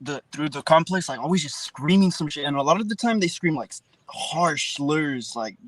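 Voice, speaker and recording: A man's voice: on the high side, lively intonation, normal speed, fairly bright tone, no echo, rough recording. A man on a call from inside his parked car, chatty and giggly, telling stories in casual chat. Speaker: streamer guest.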